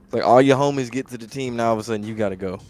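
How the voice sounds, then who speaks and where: A man's voice: medium pitch, very fast, darkish tone, faint music behind. Laid-back profane male sports podcaster. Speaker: podcast host. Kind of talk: casual sports chat.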